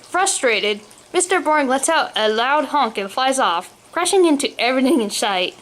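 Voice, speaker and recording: A woman's voice: high voice, animated, normal speed, a bit bright. A woman narrating a funny storybook aloud, with the odd slip while reading. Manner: reads aloud, occasional slips. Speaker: story reader.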